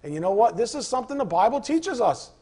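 A man pastor giving a conversational sermon, rambling and informal, who flares into animated rants. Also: very high-pitched, quick pace, husky.

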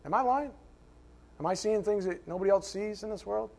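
Animated joking pastor, slightly high voice. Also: male voice, fairly quick, vocal fry. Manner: animated, joking, shouts at times; conversational, self-mocking asides. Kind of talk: sermon.

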